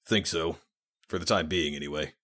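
A man's voice: extremely low pitch, normal speed, fairly bright tone. A man voicing an injured male warrior who speaks tersely and impatiently through clenched teeth. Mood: pained.

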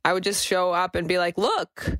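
A woman's voice: lowish voice, little pitch movement, a bit bright, smooth, no room sound. Sarcastic young woman podcast co-host. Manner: sarcastic, rapid riffing with quoted asides. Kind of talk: casual chat.

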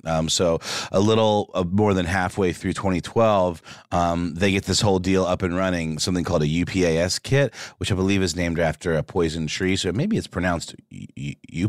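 A man's voice: sits low, normal speed, hardly any pauses, no room sound, clean studio sound. A man co-hosting a podcast in casual chat, rambling into joking asides with plenty of fillers. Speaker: podcast co-host.

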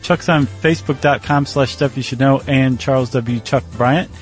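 A man's voice: medium pitch, steady tone, normal speed, soft background music. A man co-hosting a podcast in casual chat, wry and joking. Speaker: podcast co-host.

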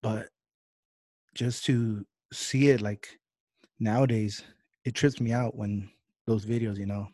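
Animated young man hosting a podcast. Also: on the low side, slow, long pauses, no echo. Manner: animated, acts out quotes in a raised voice. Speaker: podcast host. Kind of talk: casual interview chat. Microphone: video call.

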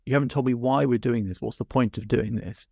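A man speaking as an impatient young boy who argues and quits, in a story he tells, with a gravelly voice. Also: medium pitch, a little fast, dark tone, dry recording, clean studio sound.

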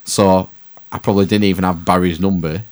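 Very deep-voiced man. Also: steady tone, fairly quick, darkish tone. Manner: rambling, swears freely, self-mocking. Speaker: podcast co-host. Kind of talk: casual storytelling chat.

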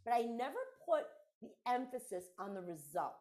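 A middle-aged woman with a somewhat high voice talks in a casual podcast conversation. She speaks as a mentor, emphatic and direct, and often says a key phrase twice for weight. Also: expressive, normal speed, darkish tone.

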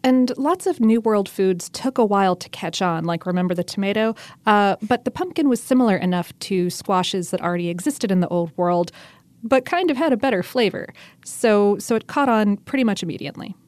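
A woman's voice: medium pitch, lively intonation, a little fast, darkish tone, no echo. A woman co-hosting a casual chat, adding facts and agreeing often. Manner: friendly, adds facts, frequent short agreements. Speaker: podcast co-host.

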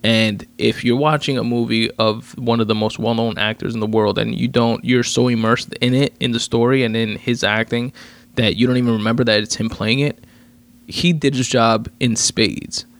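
A man's voice: medium pitch, steady tone, moderate pace, no room sound. A young man hosting his own podcast, ranting casually about a movie, swearing freely, with lots of fillers and restarts. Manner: profane, rambling, many fillers and restarts. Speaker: podcast host. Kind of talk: casual solo podcast rant.

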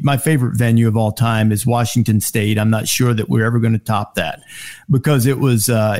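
A middle-aged man telling sports TV anecdotes in casual chat, acting out quoted lines in a raised voice. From Alabama. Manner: animated anecdotes, acts out quotes in high voices. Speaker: guest, sports TV host. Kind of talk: casual storytelling.

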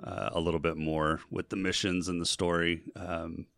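A man's voice: deep voice, flat delivery, normal speed, gravelly, fairly bright tone, clean tone, no room sound, studio quality. A man co-hosting a casual gaming podcast, easygoing with hesitant fillers. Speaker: podcast co-host.

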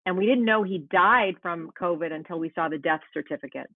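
A woman's voice: lowish voice, a little fast, no echo. An earnest woman recounts a painful personal story as an interview guest. Her voice comes through thin and tinny, like a phone call, with no room sound around it. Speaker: guest, meteorologist. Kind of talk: remote interview, personal account.

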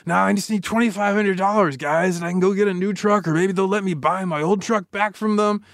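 A desperate truck driver with a gun, pleading his way through a hard-luck story, as a man puts him on in a podcast retelling. The voice sits noticeably higher than the teller's own and comes out dry and close. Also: fairly quick, fairly bright tone, dry recording. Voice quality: pleading, rambling.

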